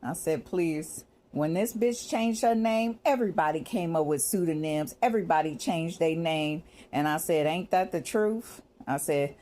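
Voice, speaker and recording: A woman's voice: on the low side, normal speed, darkish tone. A woman talks through a loose, rambling vlog. She swears freely, laughs between thoughts and keeps acting out what she and others said. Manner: profane, laughing, quoting herself in asides. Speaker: vlogger. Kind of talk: casual rambling monologue.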